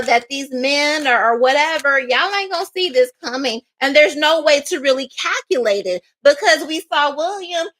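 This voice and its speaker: A woman's voice: high voice, sharp tone. A woman doing a livestream tarot reading, talking in a sassy, emphatic way with laughs and mocking asides. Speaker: psychic tarot reader.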